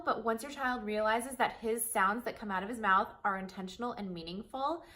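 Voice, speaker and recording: A woman's voice: mid-range voice, a bit bright. A woman hosting a parenting lesson, explaining in a friendly, reassuring way. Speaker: host.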